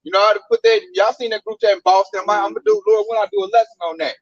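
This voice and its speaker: A man's voice: sits high, steady tone, racing, no room sound, muffled recording. A man teaching scripture in a casual street-preaching style, blunt and emphatic with lots of slang. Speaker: Bible teacher.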